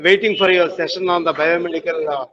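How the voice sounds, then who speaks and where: A man's voice: on the high side, steady tone, very fast, fairly bright tone, slight background noise. A man speaking politely on an online call, hesitating with many fillers. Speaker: webinar participant. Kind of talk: casual comment on a call. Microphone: video call. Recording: dull, muffled video call audio.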